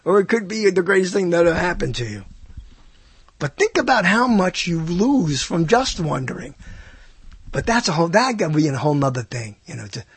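Husky animated older man musing. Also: no echo. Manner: animated, swoops up in pitch for questions. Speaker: speaker musing to listeners. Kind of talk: rambling monologue.

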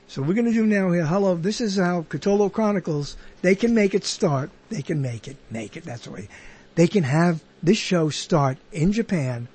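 A man's voice: a little high, a little mellow, breathy edge. A man hosting his own show, talking in a casual, rambling monologue that is joking, self-deprecating and full of digressions. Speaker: host.

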